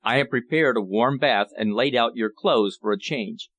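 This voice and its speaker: A deferential older butler speaks in formal, respectful tones, voiced by a male narrator. The voice drops low and quiet, and each line ends with a polite "sir.". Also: moderate pace, dry recording, lightly acted.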